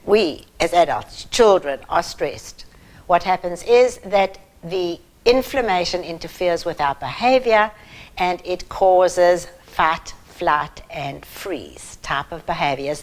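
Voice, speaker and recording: A middle-aged woman giving a deliberate, emphatic talk to parents, pausing between phrases. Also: fairly low pitch, rough recording. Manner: measured and emphatic, with long pauses between phrases. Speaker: parenting educator.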